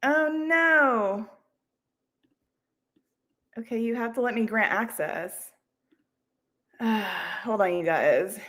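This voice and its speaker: A woman's voice: fairly high pitch, drawn-out words, long pauses, fairly bright tone. A woman hosting a casual livestream, rambling and chatty, laughing often and poking fun at herself. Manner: self-deprecating. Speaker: livestream host. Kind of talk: casual chat.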